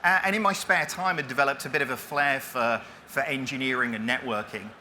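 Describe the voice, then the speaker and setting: Bright, forceful man on stage. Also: medium pitch, a little fast, slight background noise. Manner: self-deprecating storytelling, frequent restarts. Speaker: keynote speaker. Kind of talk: conference talk. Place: conference stage.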